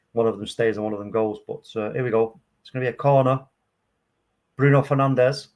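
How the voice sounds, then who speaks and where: A man giving live, excitable commentary on a football match, calm play-by-play that flares into loud outbursts. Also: medium pitch. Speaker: watchalong host.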